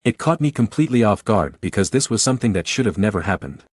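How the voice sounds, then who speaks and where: A man reading a first-person story aloud in an even, measured way. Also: lowish voice, no echo. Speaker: narrator.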